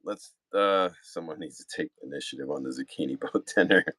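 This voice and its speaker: A man who owns a toy store, chatting casually through a live-stream auction, rambling with quick apologetic asides. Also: a bass voice, pushed and bright, slightly rough, dry recording. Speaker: toy store owner running online auctions. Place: indoor shop room.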